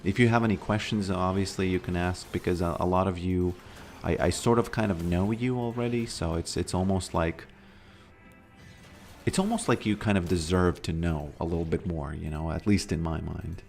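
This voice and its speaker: A man's voice: low-pitched, fairly even intonation, moderate pace, gravelly, a little mellow, soft background music. A man from Latvia with a Latvian accent, chatting casually and rambling with many fillers while streaming a game. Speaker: gaming streamer. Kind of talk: casual live-stream chat while playing.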